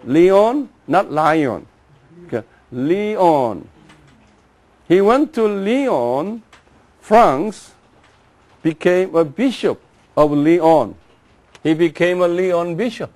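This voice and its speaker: A man lectures to a class in a fairly high voice. He moves slowly and deliberately, drilling pronunciations and asking listeners to repeat after him. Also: animated, darkish tone. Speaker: Bible teacher.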